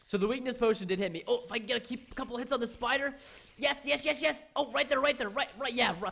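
A young man commentating his game for viewers, excitable and jokey, talking straight to his audience. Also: very high voice, fast talker, vocal fry. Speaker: gaming YouTuber. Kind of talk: Let's Play commentary.

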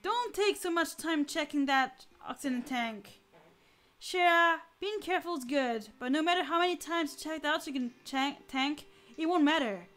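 A woman's voice: sits high, normal speed, fairly bright tone. A woman voicing a short-tempered middle-aged male rocket captain who barks and curses. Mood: angry shouting. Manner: barking, cursing, bossy.

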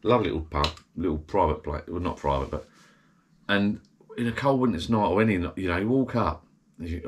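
A vlogger in middle age, a little tipsy, chats to camera from the small bar in his garden shed, rambling and cutting himself off as he goes. He has a low, slightly rough voice with lively intonation and speaks fairly quickly.

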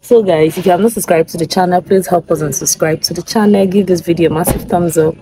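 A woman's voice: fairly low pitch, fast, mellow, poor audio. A woman with a Nigerian accent, talking casually to her vlog camera, chatty and effusive, pleading with viewers for support. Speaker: family vlogger. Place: in and around a car on city errands.

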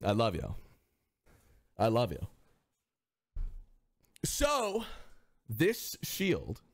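A male streamer in casual chat, animated, swearing freely and often restarting his sentences. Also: medium pitch, very slow.

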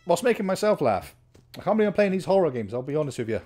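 A young man commentates on a horror game in a voice that sits a little higher than most men's. He talks in an excitable, chatty way and mutters repeated counts under his breath as he plays. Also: very fast. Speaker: gameplay commentator.

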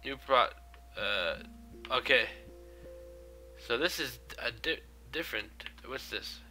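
A man's voice: medium pitch, expressive, slow, pushed and bright, soft background music. Stuffy-nosed young man narrating gameplay. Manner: rambling, with many fillers and restarts. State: stuffy nose from a cold. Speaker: gaming video host. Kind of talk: casual gameplay commentary.

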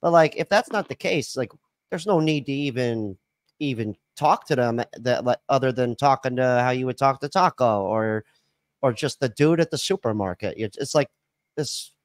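A man's voice: medium pitch, normal speed, dry recording. A man hosting a podcast in casual chat, rambling with lots of fillers and restarts. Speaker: podcast host.

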